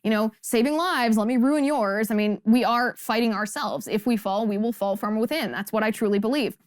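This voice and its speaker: A woman's voice: on the high side, a little fast, dry recording, studio quality. A woman hosting a political commentary show, delivering an emphatic, sarcastic monologue full of rhetorical questions. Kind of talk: opinionated monologue.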